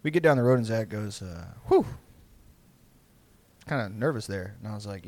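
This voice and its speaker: A man's voice: on the low side, expressive, moderate pace, a little mellow, dry recording. A young man, telling a long story in casual chat, rambling and profane and laughing often.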